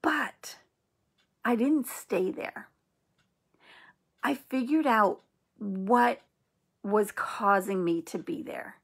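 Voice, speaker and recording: A middle-aged woman hosting an inspirational channel, speaking in a gentle, earnest and reassuring way. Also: medium pitch, expressive, very slow, vocal fry, pauses often, husky. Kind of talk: encouraging spiritual talk.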